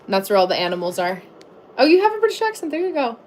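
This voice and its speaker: A woman's voice: a little high, sing-song, rapid-fire, a little mellow, a little hiss or hum. A woman in her thirties chatting casually on a livestream, answering viewers with lots of fillers and restarts.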